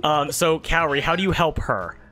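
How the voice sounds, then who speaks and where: Bright-voiced male game master. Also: on the high side, normal speed, faint music behind. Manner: animated, slips into character voices. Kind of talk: narrating a tabletop game.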